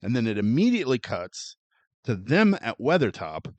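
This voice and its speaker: A man's voice: medium pitch, sing-song, normal speed, darkish tone, no room sound, highs cut off. A man co-hosting a casual film review podcast, sardonic and exasperated, swearing freely. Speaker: podcast co-host.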